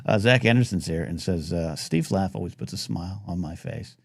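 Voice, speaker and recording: A man's voice: low voice, fairly quick, vocal fry, no room sound, clean studio sound. A man hosting a casual live talk radio show, rambling and reading out chat comments. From United States.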